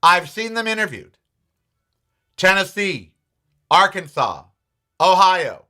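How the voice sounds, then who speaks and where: A man's voice: sits high, big pitch swings, slow, sharp tone. A man hosting his own show, giving blunt, sarcastic political commentary and swearing freely. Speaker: podcast host.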